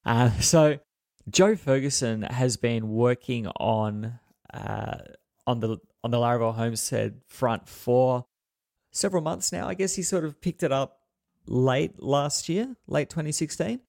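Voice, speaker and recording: An Australian man co-hosting a casual tech podcast, relaxed and easygoing, thanking contributors as he goes through the news. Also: medium pitch, measured pace, creaky, dry recording, clean studio sound. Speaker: podcast co-host.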